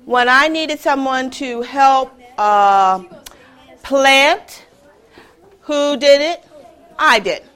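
A woman voicing a proud, patient mother hen in a children's story, asking and answering in a firm, drawn-out way. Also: high voice, fairly bright tone, full character voice.

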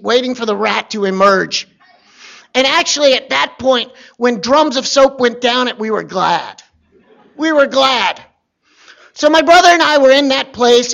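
A man from Virginia telling a personal story in a wry, conversational way with deadpan asides. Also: very high-pitched, gravelly, lo-fi sound.

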